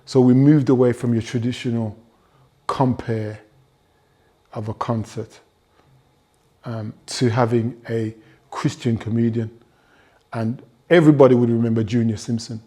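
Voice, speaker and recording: A man's voice: mid-range voice, dark tone. A man who organised a gospel show, explaining its format steadily in an interview.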